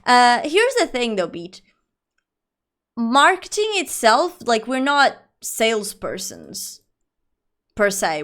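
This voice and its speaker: A young woman streamer with a fairly high voice talks loosely to her chat, rambling through run-on thoughts full of fillers. She is warmly affectionate with her viewers throughout. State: allergies. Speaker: livestreamer. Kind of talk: casual livestream chat.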